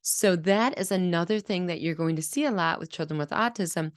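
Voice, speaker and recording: A woman speech-language pathologist explaining children's speech patterns in a clear, teaching manner and acting out sounds as examples. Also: lowish voice, fairly quick, no echo, clean studio sound. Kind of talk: teaching video lesson.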